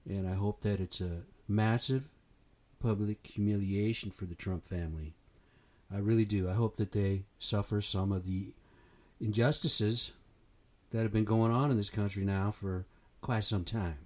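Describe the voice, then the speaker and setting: A man's voice: fairly low pitch, dark tone. A man from the United States giving a blunt, fired-up opinion monologue, swearing and repeating himself for emphasis. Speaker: commentator.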